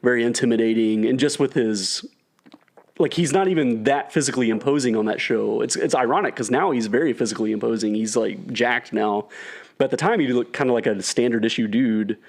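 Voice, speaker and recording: A man co-hosting a podcast, chatting casually about a film in an animated, wry way and swearing freely. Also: medium pitch, brisk, vocal fry. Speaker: podcast co-host. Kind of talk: casual film review chat.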